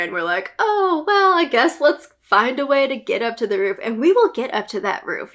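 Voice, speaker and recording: A woman's voice: medium pitch, pushed and bright. A woman hosting a gaming news channel, giving an enthusiastic fan's casual recap with lots of fillers and giggles. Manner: chatty, with frequent fillers and giggles; enthusiastic fan.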